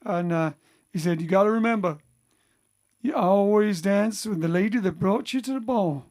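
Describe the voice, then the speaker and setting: A man's voice: high voice, moderate pace, a little mellow. A man hosting a band's livestream, chatting casually and rambling between songs from home. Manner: rambling, chatty, self-correcting. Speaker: bandleader and singer hosting a livestream. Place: home during lockdown.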